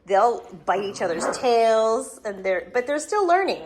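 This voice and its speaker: Chatty woman vlogger with a higher voice. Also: big pitch swings, measured pace, noisy background. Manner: chatty, giggly, slips into high baby talk with puppies. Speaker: dog breeder and channel host. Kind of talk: casual vlog chat. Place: indoor living room at home.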